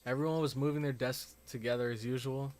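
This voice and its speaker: A man streaming a visual novel, reading its text aloud and chatting excitedly between passages with frequent "like" fillers. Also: mid-range voice, brisk. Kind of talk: reading game text aloud with casual commentary.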